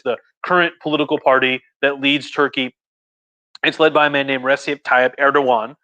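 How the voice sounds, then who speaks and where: A man's voice: medium pitch, pushed and bright. A tipsy man giving a casual, rambling history talk, full of jokes and acted-out asides. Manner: rambling, jokey, acts out voices with "like". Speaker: history lecturer.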